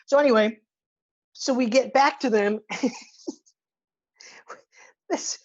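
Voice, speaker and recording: Woman co-host, excitable, swears a lot, acts out scenes, lo-fi sound. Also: fairly high pitch, slow pace. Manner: animated retelling, profane, acts out characters' lines. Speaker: podcast co-host. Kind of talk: casual movie review chat.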